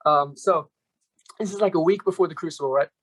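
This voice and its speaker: A young man, a podcast guest, telling stories in a fast, animated way and ending his sentences with "right?". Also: a little high, a little hiss or hum. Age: young adult. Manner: rapid, animated, keeps tagging "right?" and "bro". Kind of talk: casual storytelling interview.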